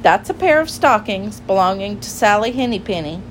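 A woman's voice: mid-range voice, animated, moderate pace, slight background noise, natural voice. A woman reading a storybook aloud and voicing a fussy little female hedgehog washerwoman with a bustling, polite manner.

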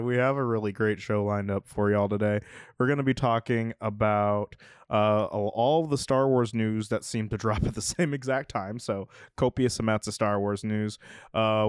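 A man's voice: on the low side, smooth, dry recording, clean studio sound. A man hosting a casual movie-news podcast, chatty and rambling, laughing easily as he talks. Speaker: podcast host.

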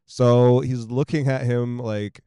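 A man co-hosting a podcast in casual chat, telling stories in a profane, animated way into a close podcast mic. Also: mid-range voice, takes it slowly, clear, resonant tone, dry recording. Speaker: podcast co-host.

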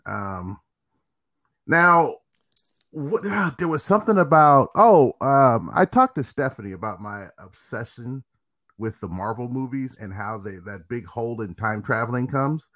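Lively-pitched man in casual chat. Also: a little slow. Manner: persistent, circling back to a question. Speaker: podcast co-host.

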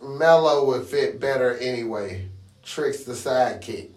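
A man's voice: mid-range voice, a little slow, darkish tone, recorded from a distance. A man co-hosting a podcast, chatting casually about wrestling in a slangy, laid-back way. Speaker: podcast co-host. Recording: echoey room, voice from off-mic.

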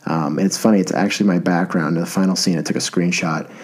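A man's voice: low voice, fairly even intonation, fast talker, a little mellow, husky. A man in his thirties hosting a podcast, rambling in an enthusiastic, self-deprecating way. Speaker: podcast host. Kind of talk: casual podcast monologue.

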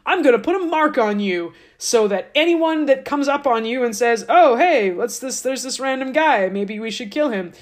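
A woman's voice: sits high, animated, normal speed, hardly any pauses, pitched above the performer's own voice. A woman voicing an exasperated male God who scolds in modern slang. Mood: matter-of-fact. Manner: casual, scolding.

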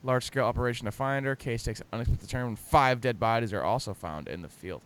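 Dude with a smooth voice just chatting, rambly and jokey, laughing a lot. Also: male voice, mid-range voice, quick pace, fairly bright tone. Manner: laughing, joking, rambling retelling. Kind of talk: casual chat.

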